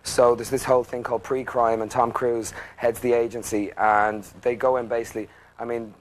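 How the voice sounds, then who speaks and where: A man's voice: medium pitch, little pitch movement, normal speed, a little hiss or hum, rough recording. A man with a Dublin Irish accent, a chatty guest on a talk show who tells stories and pokes fun at himself. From Ireland. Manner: chatty, self-mocking storyteller. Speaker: actor guest.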